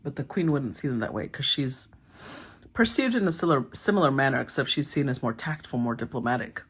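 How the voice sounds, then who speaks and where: A woman giving a casual tarot reading, thinking aloud, often clearing her throat and murmuring as she names the cards. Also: a bass voice, lively intonation, brisk. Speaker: tarot reader.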